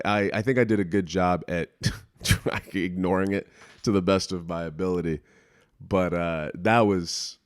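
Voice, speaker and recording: A young man with a low, darkish voice hosts a casual solo podcast from a small apartment room, recorded dry and at studio quality. He rambles and runs himself down, swears freely, and keeps restarting sentences.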